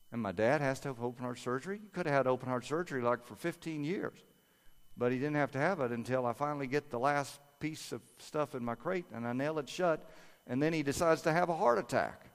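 A man's voice: medium pitch, clean tone. A man preaching a sermon through a personal story, talking conversationally and acting out family members' voices. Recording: long hall reverb.

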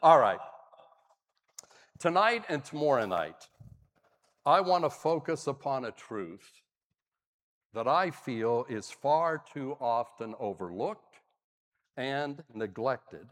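A man's voice: mid-range voice, slow pace, pauses often, long reverb tail. An older man, a pastor, preaching a sermon, telling stories with dry humor. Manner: animated storyteller, dry humor. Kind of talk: sermon with storytelling.

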